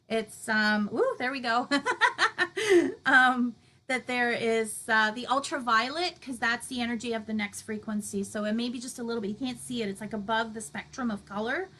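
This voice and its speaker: A woman's voice: on the high side, fairly bright tone, poor audio. A woman hosting a spiritual meditation stream, chatting effusively with viewers, laughing often and reading out their comments. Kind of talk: live-stream closing chat with viewers.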